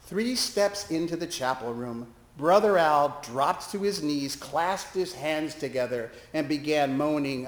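Man, pastor, sermon, expressive storytelling, fairly high pitch, reverberant sanctuary. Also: a little slow, few pauses. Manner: expressive, acting out quoted voices. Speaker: pastor and hospital chaplain. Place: church sanctuary.

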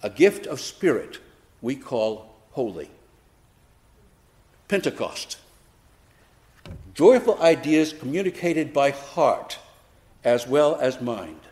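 A man preaching a sermon, telling a personal story in an unhurried, reflective way with touches of gentle humor. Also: a little high.

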